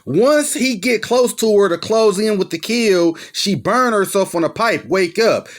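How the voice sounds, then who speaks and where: A young man talks through a horror film's plot in a loose, slangy way and swears freely. His voice sits high, and he jumps into the characters' lines as he goes. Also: lively intonation, unhurried. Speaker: movie reviewer. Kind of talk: casual plot recap.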